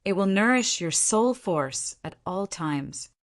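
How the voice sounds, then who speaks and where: A woman's voice: mid-range voice, lively intonation, takes it slowly. Nia Li, a teasing teenage boy read by a woman. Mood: calm. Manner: light, teasing. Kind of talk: audiobook dialogue reading.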